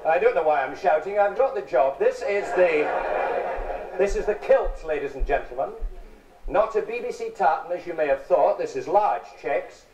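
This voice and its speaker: On stage in a large theatre, a wry Englishman in his forties with a high-sitting, expressive voice tells punning music hall jokes, tossing quick asides to the live crowd. The dull, distant, roomy 1970s broadcast carries heavy background noise and audience laughter.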